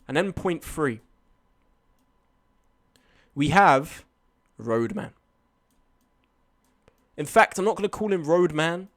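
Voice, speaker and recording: A man's voice: on the high side, animated, slow pace, pauses often. A young man telling a night-out story on a live stream, swearing and arguing back at his chat. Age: young adult.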